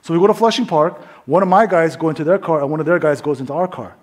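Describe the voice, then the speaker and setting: Husky man telling a sermon story. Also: fairly high pitch, quick pace. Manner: storytelling, drops to quiet asides. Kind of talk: sermon testimony.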